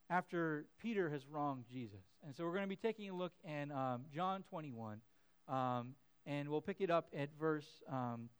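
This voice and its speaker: A man's voice: on the high side, clear, resonant tone. A man in his thirties preaching a sermon as a pastor, chatty with many fillers and restarts, acting out the voices in his stories. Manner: acts out his kids' and his own voices in quotes.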